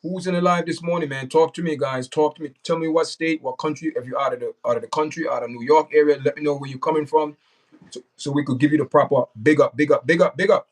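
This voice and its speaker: A man's voice: a little high, steady tone, quick pace, recorded from a distance, poor audio. A man hosting a casual livestream, talking straight to his chat and repeating himself. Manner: repetitive, talks straight to the chat. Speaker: livestream host.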